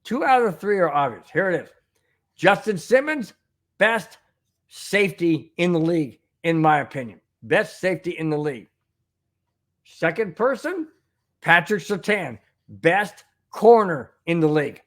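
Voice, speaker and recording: A man's voice: a little high, very animated, unhurried, a bit bright. A man hosting a fan sports show, ranting in an emphatic, exasperated way and repeating his points. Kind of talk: fan commentary monologue.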